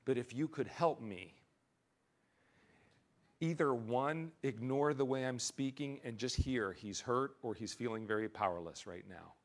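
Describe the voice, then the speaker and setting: A middle-aged pastor delivers a sermon in an earnest, emphatic voice of medium pitch, keeping a measured pace. At times he drops into quiet, confessional stretches.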